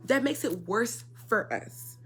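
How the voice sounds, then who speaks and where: A young woman telling a personal story in a casual, indignant rant, swinging between loud outbursts and quiet asides. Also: fairly high pitch, lively intonation, slow, soft background music. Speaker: storyteller vlogger.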